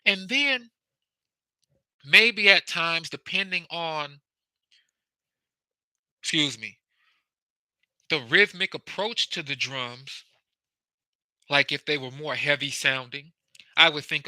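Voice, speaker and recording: Slow, bright-voiced man teaching. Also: a little high, expressive, no echo, poor audio. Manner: slow, deliberate, demonstrative with vocal inflections. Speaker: host. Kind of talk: casual teaching talk.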